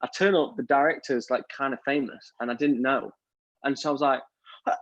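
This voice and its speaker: A young male actor chatting casually on a live stream, animated and telling a story while acting out the voices in it. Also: medium pitch, fairly quick, dry recording. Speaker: lead actor. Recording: dull lo-fi stream audio.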